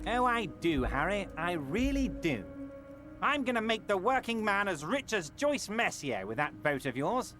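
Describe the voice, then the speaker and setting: Over game music, a voice actor plays a jovial, scheming, heavyset union boss in a video game. He speaks at a normal speed in a booming, self-assured, sweeping manner with a sing-song lilt.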